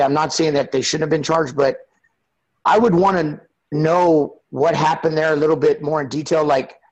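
A man's voice: fairly high pitch, rough recording. Hesitant man with a raised voice. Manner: hesitant, weighs his words. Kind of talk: casual chat, panel discussion.

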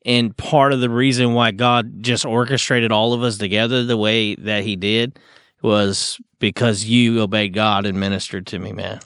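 A man's voice: fairly low pitch, moderate pace, clean tone, no echo, studio quality. A man hosting a casual chat, talking in a laid-back way and calling others "dude" and "man.". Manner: relaxed, uses "dude" and "man" often.

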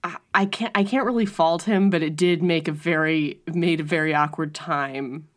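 A woman's voice: sits low, fairly even intonation, normal speed. A woman co-hosting a podcast in casual chat, wry and critical as she tells anecdotes. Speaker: podcast co-host.

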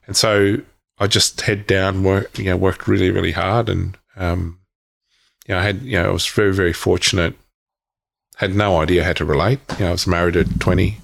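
A middle-aged man with a very low voice and plenty of gravel in it. He recounts his past frankly, in stops and restarts, with the occasional curse. His tone is candid and unpolished. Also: fairly even intonation, brisk. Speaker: guest. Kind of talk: candid personal storytelling.

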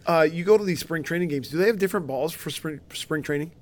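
A man's voice: on the high side, fast. A man hosting a podcast interview, asking questions in an easygoing, joking way. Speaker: podcast host. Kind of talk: casual interview. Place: conference venue.

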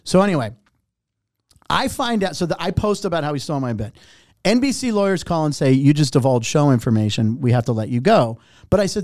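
Middle-aged guy spinning a story, swears a lot, high pitched, bouncy, keeps doing the other people's lines. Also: brisk, no room sound, studio quality. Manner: animated, profane, acts out quotes. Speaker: warm-up comedian telling a story. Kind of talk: casual storytelling chat.

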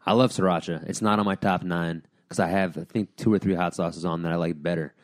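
A man with a very deep, low voice talks fast in casual podcast chat. He keeps dropping in quick jokes and puns. The sound is dry and close. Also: steady tone, no echo. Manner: quick jokey interjections and puns. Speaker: podcast co-host.

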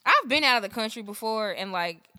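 A woman's voice: a little high, brisk, dry recording, studio quality. Brash, profane woman podcast co-host. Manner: profane, animated storytelling. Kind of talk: casual chat.

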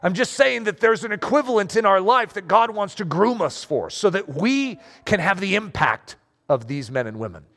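A man preaching a sermon, talking in a lively, conversational way with self-deprecating asides. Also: sits high, moderate pace, long reverb tail. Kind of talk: sermon with story reading.

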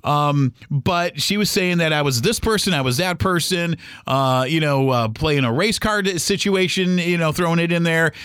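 Middle-aged male podcast host, rambling and heated, slightly high voice, dry recording. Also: moderate pace, few pauses, a bit bright, smooth, no room sound. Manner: rambling, heated, full of restarts and acted-out quotes. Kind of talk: solo podcast monologue.

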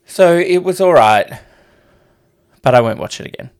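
This podcast co-host is a man with a fairly high, lively voice and a moderate pace. In casual chat he rambles, hesitates, and swears freely.

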